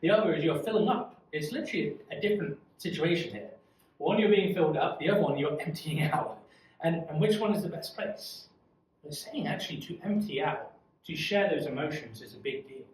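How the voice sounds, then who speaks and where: Guy leading youth bible study, bit high voice, talks earnest and chatty, really echoey room, mic kinda far. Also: lively intonation, fairly quick. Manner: earnest, conversational, asks the group questions. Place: church room.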